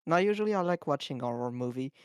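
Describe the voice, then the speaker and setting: A man's voice: mid-range voice, expressive, fast talker, smooth, no echo, clean studio sound. A man from France with a French accent, a guest in a casual chat, teasing and laughing often.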